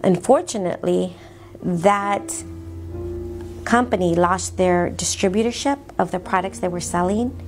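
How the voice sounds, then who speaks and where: A woman's voice: on the low side, measured pace, soft background music. A woman earnestly telling her own life story, acting out the dialogue in her plain voice. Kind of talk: personal storytelling talk.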